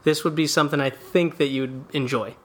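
A man's voice: a little high, steady tone, a little fast, fairly bright tone. A man co-hosting a casual sports and beer podcast, easygoing with wry commentary. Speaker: podcast co-host.

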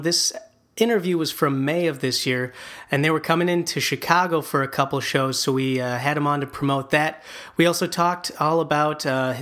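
A man hosts a podcast, announcing dates and segments in an upbeat, promo-like way. His voice is bright and forward, with a slightly high pitch. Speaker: podcast host. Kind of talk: casual podcast hosting.

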